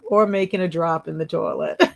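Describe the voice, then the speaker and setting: A woman's voice: on the low side, steady tone, normal speed, gravelly. A woman hosting a casual livestream, giggling often as she reads viewer comments aloud and teases her chat. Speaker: booktube livestream host.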